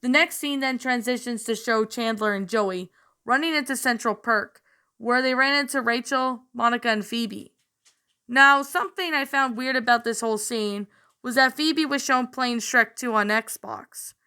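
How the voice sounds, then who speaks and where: A woman's voice: on the high side, normal speed, pushed and bright, clear, resonant tone. A woman narrator reading a fan story aloud, often stumbling and restarting words.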